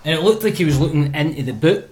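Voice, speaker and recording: A Glaswegian man hosting a podcast, telling a sweary, animated story with laughs between lines. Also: on the high side, fast talker, roomy sound, a little hiss or hum. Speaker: podcast host. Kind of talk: casual storytelling chat.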